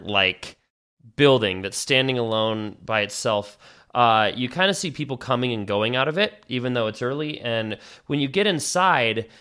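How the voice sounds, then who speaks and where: A man's voice: mid-range voice, bright, forceful tone, clear, resonant tone. A man narrating a tabletop game as game master, casual and rambling with lots of fillers.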